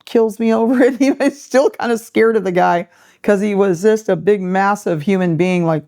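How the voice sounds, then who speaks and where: A woman's voice: mid-range voice, moderate pace, dark tone. A middle-aged woman hosting a podcast, telling a story in a casual way, acting out the voices she quotes and laughing often. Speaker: podcast host.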